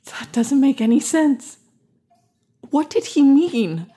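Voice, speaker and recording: An actress playing a hostile, contemptuous real estate agent in a radio drama, speaking in a cold, demanding way. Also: female voice, high voice, lively intonation, slow, warm tone.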